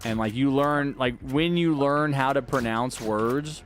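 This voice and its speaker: A man from Texas talks his way through a game livestream, answering chat in a loose, rambling way full of "like" and "uh". Quiet music runs underneath his voice. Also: medium pitch, unhurried. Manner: rambling, answers chat questions with many fillers. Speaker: gaming livestreamer. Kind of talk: casual livestream chat while gaming.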